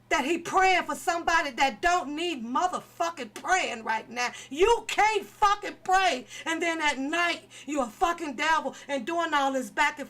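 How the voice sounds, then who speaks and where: A woman's voice: high voice, bright, forceful tone. A woman commentator delivering an impassioned, profane opinion rant, pleading and repeating herself for emphasis. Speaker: online commentator.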